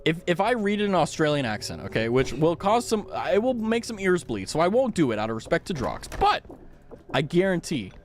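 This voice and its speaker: A man's voice: a little high, big pitch swings, a little fast, soft background music. A man streaming a game, chatting casually and joking at his own expense. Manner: joking, rambling, self-mocking. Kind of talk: casual chat.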